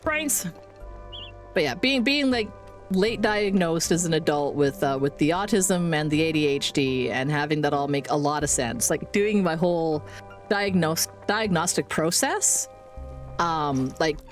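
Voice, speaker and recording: A woman's voice: low-pitched, animated, a little slow. A woman in her forties chatting casually on a live game stream, rambling, swearing casually and laughing often. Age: 40s. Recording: faint music behind.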